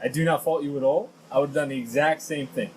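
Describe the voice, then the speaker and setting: A man's voice: a little high, brisk, a little hiss or hum, poor audio. A man co-hosting a podcast, chatting casually, teasing his friends and laughing often. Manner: lively, laughs a lot, teasing. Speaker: podcast co-host. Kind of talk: casual chat.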